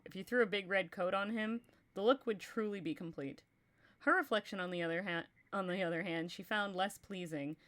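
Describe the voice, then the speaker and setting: A young woman reading a horror novella aloud to her stream. Her voice sits at a middle pitch, and she reads steadily with short asides to her audience. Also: a bit bright. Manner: reads steadily, breaks into laughter and chat between passages.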